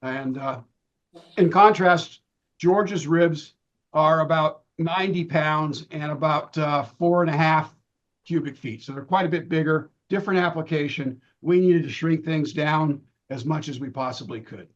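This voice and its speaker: A middle-aged man losing his voice, giving a relaxed presentation with many ums and restarts over a video call. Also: fairly high pitch, measured pace. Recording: dull lo-fi video-call audio.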